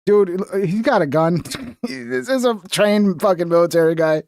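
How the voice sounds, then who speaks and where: A man's voice: high voice, animated, measured pace, a little mellow, dry recording, clean studio sound. A man streaming reaction commentary on video clips, blunt and profane, lecturing with a laugh.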